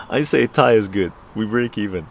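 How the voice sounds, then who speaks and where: Man, low gravelly voice, rambling casual chat, live stream host, outdoor patio, faint background noise. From Canada. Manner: rambling, tag questions like "right?".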